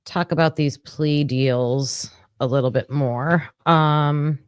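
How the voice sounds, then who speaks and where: Casting note: woman, low voice, unhurried commentary, dry close sound. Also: steady tone, clean tone, no room sound. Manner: thinking aloud with fillers, reading notes. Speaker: true crime commentator. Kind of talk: casual commentary livestream.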